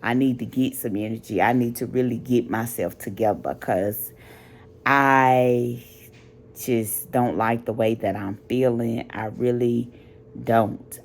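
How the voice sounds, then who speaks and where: Tired woman vlogger, unusually deep voice, frank and venting, phrases trailing off. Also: steady tone, measured pace, a little mellow, slight background noise. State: tired and sleepless. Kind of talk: casual late-night vlog talk.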